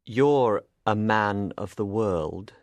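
A man voicing a calm, smooth and evasive gentleman in an audiobook. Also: on the low side, no room sound. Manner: calm, measured.

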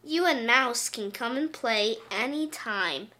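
A woman's voice: fairly high pitch, animated, slow pace, bright, forceful tone, exaggerated voice. A woman voicing a welcoming bunny mother in a storybook, cheerful and sing-song.

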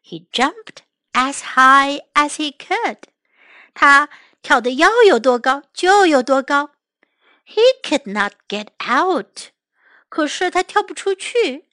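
A woman reading a children's story aloud line by line, translating each line, gentle and clear, as storyteller and English teacher. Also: high voice, sing-song, slow, dry recording.

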